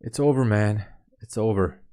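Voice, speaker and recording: A man's voice: lowish voice, normal speed, warm tone. A man giving live commentary while day trading, making wry, muttered remarks to himself about the chart. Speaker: day trader streaming live.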